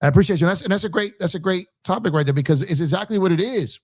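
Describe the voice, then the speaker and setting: A man's voice: high-pitched, very fast. A man hosting a sports show, ranting in fired-up fan commentary, repeating himself for emphasis and taunting rival fans. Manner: reads out viewer super chats.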